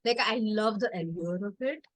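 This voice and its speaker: A woman's voice: medium pitch, normal speed, no echo, poor audio. A woman coach hosting an online workshop, chatty and jokey, acting out family members with big swings in her voice. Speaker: coach and community host. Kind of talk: casual workshop chat.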